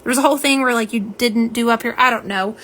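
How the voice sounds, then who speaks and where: A woman's voice: a little high, fast, fairly bright tone, slight background noise. A woman hosting a live nail polish swatch stream, chatting casually with viewers, greeting them by name and joking about herself. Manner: chatty, greets viewers, self-deprecating, says y'all.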